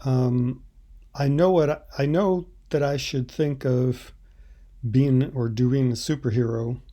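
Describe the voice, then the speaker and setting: A man teaching Italian, explaining subtitle translations in a halting, thoughtful way. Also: medium pitch, steady tone, mellow.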